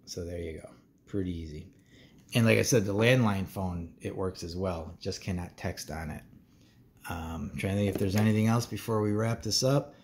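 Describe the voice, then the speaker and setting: A man with a deep, low-pitched voice talks through a gadget review in an easygoing, rambling way, filling pauses with ums. A faint hiss of background noise sits under his voice. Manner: laid-back, meandering, many ums and uhs. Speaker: parent reviewing a kid's smartwatch. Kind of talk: casual product review.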